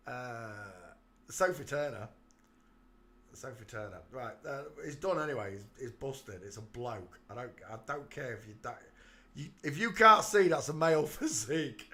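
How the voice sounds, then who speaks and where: Hosting his own channel, this man jeers at photos while addressing the audience directly and bursting out laughing now and then. His mid-range voice sounds animated, pushed and bright, and he talks a little slowly.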